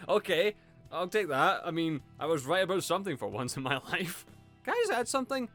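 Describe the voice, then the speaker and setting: Animated sarcastic man ranting. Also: on the high side. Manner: animated, sarcastic, exasperated, mocking quoted voices. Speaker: video reviewer. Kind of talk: casual commentary review. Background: faint background music.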